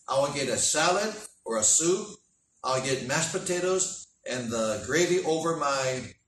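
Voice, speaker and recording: A man preaches in a relaxed, folksy way, acting out both sides of a conversation. His voice sits at a middle pitch and carries from some distance off the mic. The room is echoey, with faint noise in the background. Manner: folksy anecdotal telling with quoted dialogue. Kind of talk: sermon storytelling.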